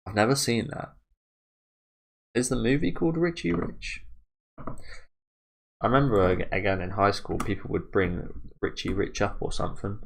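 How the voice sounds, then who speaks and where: A man's voice: on the low side, fairly even intonation, a little slow, vocal fry, pauses often. A young British man giving loose, rambling commentary as he reacts to a manga, swearing freely and laughing at himself. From Britain.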